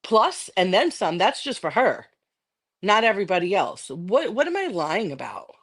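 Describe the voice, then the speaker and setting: A woman's voice: medium pitch, big pitch swings, normal speed, a bit bright, breathy edge. A middle-aged woman on a livestream, ranting angrily and defiantly with constant swearing. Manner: angry, defiant, profane. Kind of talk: heated livestream rant.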